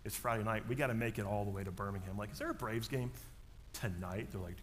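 A man, preaching a sermon and telling a story in an animated way, dropping to a hush and then rising loud. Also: fairly low pitch, quick pace, a little hiss or hum. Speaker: pastor.

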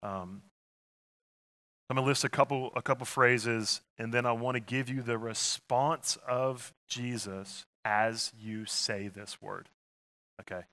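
A man's voice: mid-range voice, steady tone, slow pace, sharp tone. A middle-aged man preaching a sermon to his congregation, using call-and-response and voicing Jesus' replies. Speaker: pastor.

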